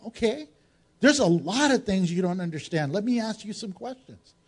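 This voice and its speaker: High-voiced dramatic male preacher. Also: lively intonation, normal speed, breathy edge. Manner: dramatic, swings between raised exclamations and hushed low tones; asks the congregation rhetorical questions. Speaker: pastor. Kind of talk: sermon.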